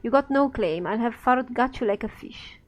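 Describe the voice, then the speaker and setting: A man's voice: very high voice, normal speed, low-quality recording. A woman voicing a filthy, grimy man who is suspicious and hostile, speaking in a snarling, threatening way. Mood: angry.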